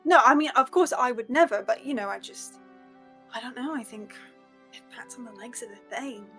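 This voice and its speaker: A woman's voice: fairly high pitch, normal speed, pushed and bright, faint music behind. A woman voicing a nervous, chatty woman covering grief, rambling and hedging as she talks. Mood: flustered. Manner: rambling, hedging, self-interrupting.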